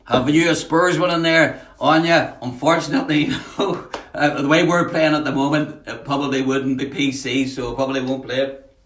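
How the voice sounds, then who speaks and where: A man's voice: mid-range voice, fairly even intonation, moderate pace, fairly bright tone. A man, a poet hosting a home livestream, chatting casually, greeting viewers by name with many fillers between readings. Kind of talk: casual live-stream chat and poetry reading. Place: at home, in a house. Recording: echoey room, voice off-mic.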